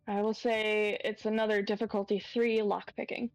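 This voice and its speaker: A woman narrating as game master of a tabletop horror game, unhurried and pausing with fillers as she describes each scene. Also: mid-range voice, flat delivery, dry recording, poor audio.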